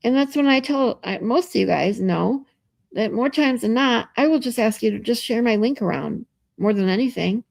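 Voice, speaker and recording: A woman's voice: on the high side, expressive, moderate pace, gravelly, a little mellow, no room sound, studio quality. A woman live streamer chatting casually with her viewers, reading out and answering their comments and laughing often, from a hotel room.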